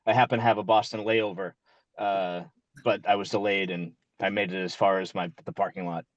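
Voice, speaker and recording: A man on a video call from his parked car, talking casually in a meeting, halting and apologetic with many fillers. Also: sits low, fairly even intonation, dry recording, highs cut off. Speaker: commission member.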